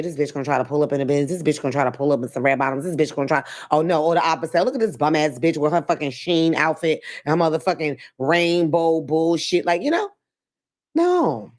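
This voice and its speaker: A woman with a low voice hosts a casual talk show and hands out advice in a blunt, profane way. Her pitch swings widely as she talks, and she laughs often between points. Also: a little mellow. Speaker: host.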